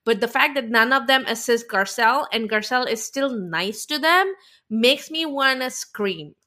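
Female podcast co-host, bright tone, indignant ranting. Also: on the high side, animated, moderate pace. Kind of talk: casual recap chat.

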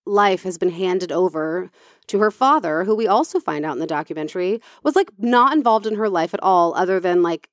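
A woman's voice: on the low side, animated, brisk, no echo, studio quality. A woman co-hosting a casual chat, talking freely with many fillers and restarts.

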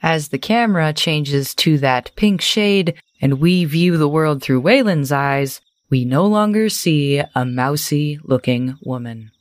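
A woman's voice: low-pitched, animated, measured pace, hardly any pauses, no echo. A woman running a tabletop game, narrating scenes in detailed, cinematic description. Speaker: game master.

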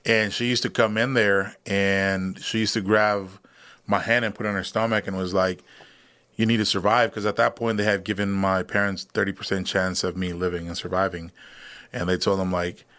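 A man's voice: low-pitched, little pitch movement, moderate pace, pushed and bright. A young man, a guest in a casual interview, telling a long personal story with many fillers and restarts.

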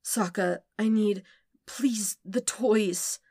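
A woman's voice: mid-range voice, fairly even intonation, slow pace, darkish tone. A woman reading a podfic, voicing a desperate young man who whines and gasps out his pleas. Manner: breathless, pleading whines and gasps.

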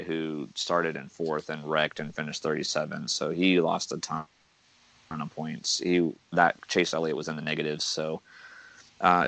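Man with a very deep voice. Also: a bit bright. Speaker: podcast co-host. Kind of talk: casual sports podcast chat.

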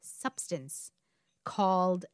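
A woman's voice: lowish voice, drawn-out words, clean tone, no room sound. Casting: woman in her forties from India, true crime podcast co-host, chatty and wry, dry close sound. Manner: conversational, wry asides. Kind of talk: casual true crime storytelling.

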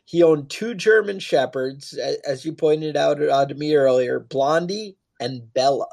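A man's voice: fairly high pitch, unhurried, vocal fry, a little mellow. A man co-hosting a podcast, talking casually in rambling, joking asides. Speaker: podcast co-host.

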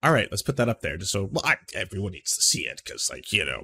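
A man hosting a commentary show, reacting to a clip in a sarcastic, deadpan way. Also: deep voice, fast, creaky, hardly any pauses, slight background noise. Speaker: show host.

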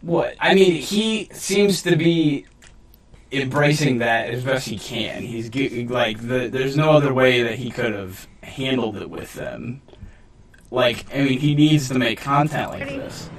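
A man chatting on a podcast, circling his point with restarts and filler words. His voice sits at an ordinary middle pitch, and he sounds set back a little from the microphone. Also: unhurried, far from the mic. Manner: rambling, hedging with lots of restarts. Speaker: podcast co-host. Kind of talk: casual chat. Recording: voice a bit off the mic.

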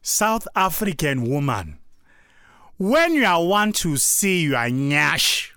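A man doing a cheeky Nigerian guy, high and loud. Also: big pitch swings, takes it slowly, smooth, dry recording, clean studio sound, exaggerated voice. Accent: Nigerian English.

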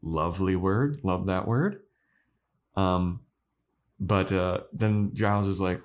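A man co-hosting a podcast, chatting casually and acting out characters' lines in quick put-on voices. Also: sits low. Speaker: podcast co-host. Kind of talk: casual chat recapping an episode.

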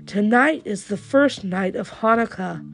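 A woman's voice: medium pitch, animated, measured pace, gravelly, fairly bright tone, soft background music. A woman voicing a brave, earnest young immigrant man in a storybook reading. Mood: hopeful. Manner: earnest, resolute.

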